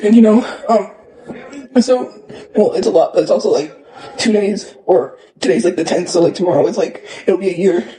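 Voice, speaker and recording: A man's voice: high-pitched, moderate pace, dark tone, poor audio. A man ranting on a livestream, upset and rambling, repeating himself and filling gaps with "like" and "you know.". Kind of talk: emotional livestream rant.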